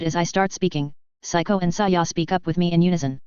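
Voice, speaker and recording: A woman reading fan fiction aloud as narrator in an even, steady manner, in a dull lo-fi recording. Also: fairly low pitch, fairly quick, clean tone, dry recording.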